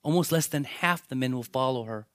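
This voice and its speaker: A man preaching a sermon, telling Bible stories in a lively way and acting out the characters' lines. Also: medium pitch, a little fast, no room sound. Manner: animated storytelling, acts out voices of biblical characters. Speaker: pastor.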